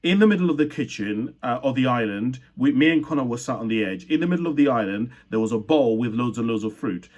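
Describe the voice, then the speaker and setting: A young man born in Uganda recounts his own life story, earnest and reflective. His voice sits at an everyday middle pitch, and he often trips over a word, stops, and starts the sentence again. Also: lively intonation, fast, hardly any pauses, darkish tone, muffled recording. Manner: earnest, reflective, with frequent restarts and self-corrections. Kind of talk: personal storytelling talk.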